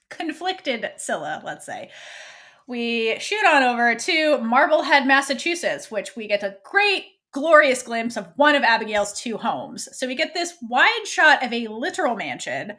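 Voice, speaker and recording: A woman's voice: on the high side, very animated, unhurried, sharp tone. A woman co-hosting a podcast, casually recapping a TV episode and acting out the characters' lines. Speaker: podcast co-host.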